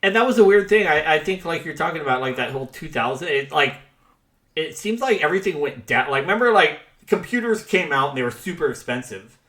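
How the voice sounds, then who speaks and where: Animated man acting out quotes. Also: a little high, fast. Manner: animated storytelling with acted-out quotes. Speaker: podcast co-host. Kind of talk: casual chat.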